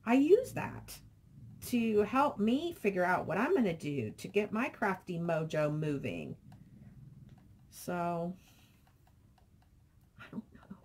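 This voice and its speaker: A woman's voice: lowish voice, sing-song, slow, pauses often, darkish tone, a little hiss or hum. A middle-aged woman vlogging casually, rambling and reading viewer comments aloud. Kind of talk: casual chat.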